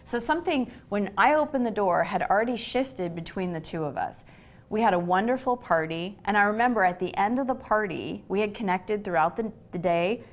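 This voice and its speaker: A woman's voice: mid-range voice, fairly quick. A middle-aged woman telling a personal story in a casual conversational way, acting out the voices of people she quotes. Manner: animated, acts out quoted voices. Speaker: host.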